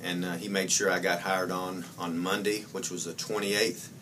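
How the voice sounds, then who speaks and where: A man's voice: low-pitched, little pitch movement, moderate pace, fairly bright tone, recorded from a distance, slight background noise. A man sincerely telling a short story of gratitude, with frequent fillers. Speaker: coworker giving a tribute. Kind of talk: casual anecdote.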